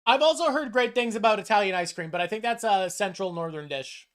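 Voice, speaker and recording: A woman's voice: mid-range voice, lively intonation, a little fast. A woman host of a streamed chat show, from North America, ranting emphatically and swearing often in casual talk.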